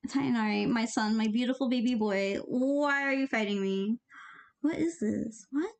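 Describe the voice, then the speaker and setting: A young woman who animates chats casually while she works, rambling, joking and offering offhand tips. Her voice is fairly high-pitched at a normal speed.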